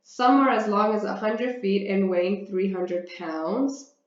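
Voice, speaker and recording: A woman teacher from Canada works through a grammar lesson at an unhurried pace, asking questions and answering them herself. The recording has a roomy echo and a slightly dull, muffled tone. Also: medium pitch. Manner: deliberate, explains step by step, often asks and answers her own questions. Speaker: English teacher. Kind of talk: slow, careful grammar lesson.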